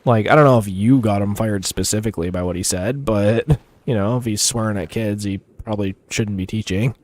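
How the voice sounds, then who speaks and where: A man's voice: fairly low pitch, brisk, darkish tone, dry recording. Rambling man chatting while gaming. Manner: rambling, many fillers, chuckles often; chats with viewers while playing. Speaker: live streamer. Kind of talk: casual gameplay commentary.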